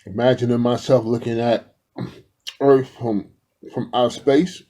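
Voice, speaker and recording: A man's voice: mid-range voice, steady tone, measured pace, pauses often, dark tone. A man in a casual, rambling talk to his viewers, addressing them directly and affectionately while filming himself indoors. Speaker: spiritual vlogger.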